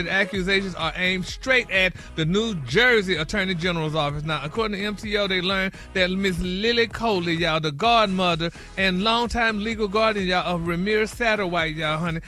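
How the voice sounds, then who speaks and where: A man with a high, bright, forceful voice hosts a celebrity gossip segment on a radio morning show. He's chatty, dropping "honey" and "y'all" into every phrase.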